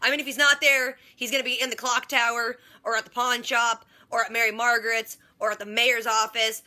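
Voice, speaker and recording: Woman vlogger, TV recap; sarcastic, rambling, lots of "like"; sharp bright tone. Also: a little high, little pitch movement, a little fast. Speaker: TV reaction vlogger. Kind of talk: casual TV episode recap.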